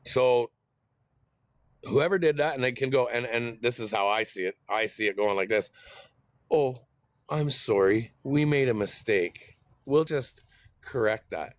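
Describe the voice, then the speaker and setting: A middle-aged man, telling a heated, profane story in a casual vlog rant. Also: on the low side. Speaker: host.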